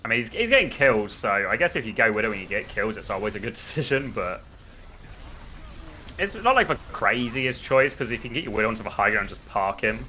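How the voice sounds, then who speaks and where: A man from the United Kingdom with a British accent, casually commentating a live esports match, rambling between plays and bursting with excitement at big moments. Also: on the low side, brisk, slight background noise.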